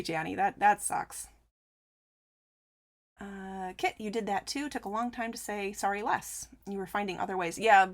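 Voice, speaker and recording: Chatty woman streaming while she crochets, answers chat, laughs a lot, middle-pitched voice. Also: fairly bright tone. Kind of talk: casual live-stream chat.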